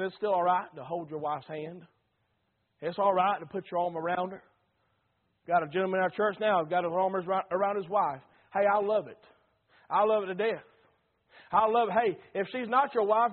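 High-voiced Southern preacher, tinny sound. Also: male voice. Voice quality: folksy, repetitive preaching cadence. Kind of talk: sermon. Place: church.

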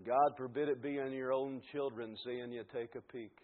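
A man preaching a fervent sermon, dropping to quiet asides and then building to shouted climaxes. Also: medium pitch, fairly even intonation, normal speed. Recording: tinny phone-like radio broadcast.

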